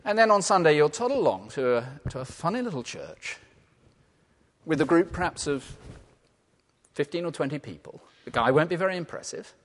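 A man from England preaching a sermon, lively and humorous, then dropping to quiet, earnest tones. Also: on the high side, normal speed. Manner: animated, playful asides and laughter, drops to quiet earnest tones. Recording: long reverb of a large hall.

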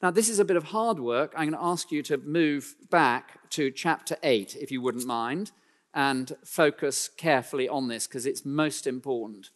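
A man preaching a sermon, speaking emphatically and slowing down to read scripture aloud, in a church. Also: mid-range voice. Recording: long hall reverb.

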